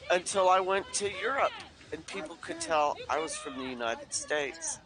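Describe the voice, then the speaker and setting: A man's voice: a little high, very animated, normal speed, few pauses, rough recording. A man chatting casually on a livestream, telling long stories and swearing now and then. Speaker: livestream co-host.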